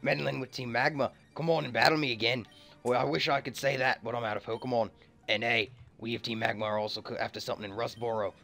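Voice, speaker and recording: A man's voice: medium pitch, fairly even intonation, fast talker, vocal fry, pushed and bright, faint music behind. A man voicing a tough male villain grunt who talks like a mock gangster, threatening and cocky. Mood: menacing.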